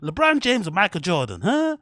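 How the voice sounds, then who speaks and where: A British man putting on an exaggerated, mocking Southern American caricature voice with a high, sing-song drawl. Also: huge pitch swings, fairly quick, fairly bright tone, dry recording, heavily acted. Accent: put-on Southern American.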